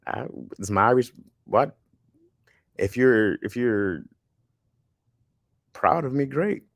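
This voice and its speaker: Recorded in a clean studio with no room sound, a man with a mid-range voice hosts a relaxed livestream. He reads viewer comments, tells blunt, animated stories, and laughs a lot.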